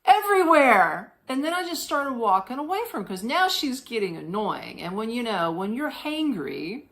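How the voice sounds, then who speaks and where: A woman hosting a podcast, telling a casual story in a slangy, animated way, laughing often and mimicking voices. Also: on the high side, moderate pace. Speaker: podcast host.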